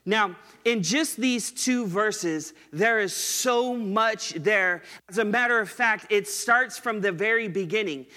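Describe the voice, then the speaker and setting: A man preaching a sermon in a casual, conversational way, slowing down and stretching words to stress them. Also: high-pitched, bright, forceful tone, in a large hall. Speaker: pastor.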